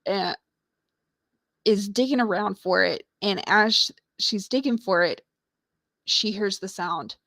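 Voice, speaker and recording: A woman's voice: mid-range voice, takes it slowly, pauses often, a bit bright, dry recording. Female livestream host at home, casual and rambling, full of restarts; dry, close sound. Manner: rambling, many fillers and restarts, self-deprecating. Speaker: host of a live writing show. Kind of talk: casual chat, retelling a story.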